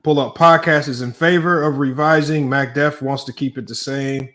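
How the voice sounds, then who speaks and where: A man hosting a debate stream, casually reading out matchups and topics and talking in relaxed slang. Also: mid-range voice, normal speed. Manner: relaxed, slangy, thinks aloud. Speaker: debate show host. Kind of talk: casual livestream chat, reading out a list.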